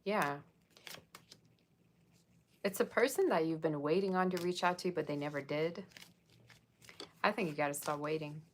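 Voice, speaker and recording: A woman's voice: low voice, moderate pace, pauses often, slight background noise. A woman giving a casual tarot reading, chatting and rambling straight to her viewers. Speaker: tarot reader.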